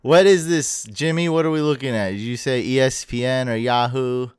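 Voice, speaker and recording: A man's voice: mid-range voice, normal speed, smooth, dry recording, clean studio sound. A tired man hosting a casual livestream, chatting loosely, thanking viewers and stumbling over their names. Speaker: livestream host. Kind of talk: casual livestream chat reading viewer comments. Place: home room.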